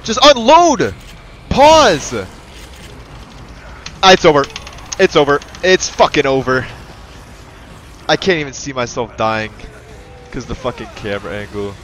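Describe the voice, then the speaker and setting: Excitable, swearing man gaming. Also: mid-range voice, unhurried, long pauses, slight background noise. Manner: excitable, profane, yells at the game; talks to in-game partner like a buddy. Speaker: gaming channel host. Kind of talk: let's-play commentary.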